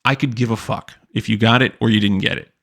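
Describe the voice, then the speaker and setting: A man's voice: on the low side, steady tone, quick pace, a bit bright. A young man hosting a podcast, ranting bluntly with constant swearing and mocking impressions of people. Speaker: podcast host. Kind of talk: profane ranting commentary.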